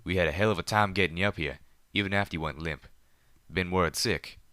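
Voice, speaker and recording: Man doing a gruff pegasus stallion. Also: deep voice, quick pace, sharp tone, no room sound, studio quality. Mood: angry. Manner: drawling, scolding. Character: gruff southern male pegasus, hot-tempered but protective.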